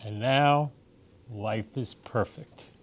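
Man for children's storytime, slow gentle read-aloud, mid pitch. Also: a little hiss or hum. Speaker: storytime reader.

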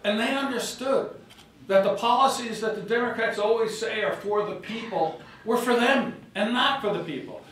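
A man's voice: high voice, normal speed. An older man, a former governor, giving a political speech full of anecdotes and acted-out quotes. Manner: storytelling, animated, acts out quotes. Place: hotel ballroom reception. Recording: echoey ballroom from far off.

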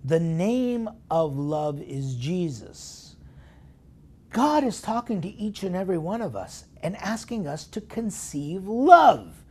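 A man preaching a sermon as a priest, putting strong stresses on key words, dropping into hushed whispered asides and asking his listeners questions. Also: sits high, big pitch swings, takes it slowly. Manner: emphatic, swinging between loud stresses and hushed whispered asides; talks straight to listeners with rhetorical questions. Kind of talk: sermon meditation broadcast.

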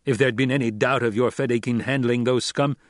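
A man voicing a gruff, proud desert tribal leader who growls his words, in a dry audiobook recording. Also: mid-range voice, fairly even intonation, fairly quick, no echo, close to an everyday voice.

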